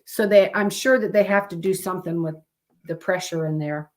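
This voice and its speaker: A woman's voice: on the low side, normal speed, darkish tone, a little hiss or hum. A woman hosting a live stream, chatting casually and rambling as she looks through pictures. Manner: chatty, rambling, with fillers and self-corrections.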